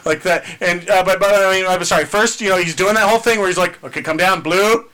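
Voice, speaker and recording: Animated man recapping a cartoon. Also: high voice, fast. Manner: animated, acts out character lines and sound effects. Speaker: podcast co-host. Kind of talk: casual chat recapping a cartoon.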